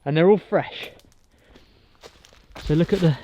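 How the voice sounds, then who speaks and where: A man vlogging casually while walking his dog outdoors in a park, chatty and quick to laugh. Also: on the high side, dark tone, dull audio, slight background noise. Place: outdoors in a park and golf course.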